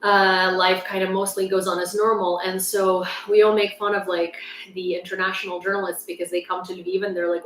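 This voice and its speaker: A woman's voice: mid-range voice, fairly even intonation, fairly quick. A young woman from Ukraine hosting a casual livestream, rambling and saying "like" a lot. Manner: rambling, heavy use of "like". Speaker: livestream news host. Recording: roomy sound, distant mic, faint ambience.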